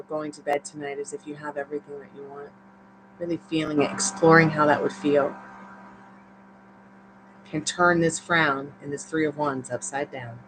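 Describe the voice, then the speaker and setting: A woman's voice: sits low, a bit bright, a little hiss or hum, rough recording. A woman with a Southern accent gives a live-streamed tarot reading in a chatty, encouraging, rambling way. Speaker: tarot reader.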